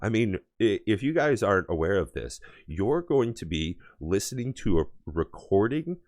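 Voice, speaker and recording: Deep-voiced rambling American man. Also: very animated, normal speed, a little mellow, no room sound, studio quality. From United States. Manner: rambling, enthusiastic with many fillers. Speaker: podcast co-host. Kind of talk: casual chat.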